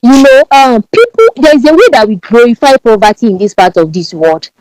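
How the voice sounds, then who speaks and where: A woman from Ibadan with a Nigerian Yoruba accent, speaking as a guest on a podcast in an emphatic, animated way and often repeating words. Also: a little high, brisk, dry recording, poor audio. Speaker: podcast guest, branding strategist. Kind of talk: podcast interview.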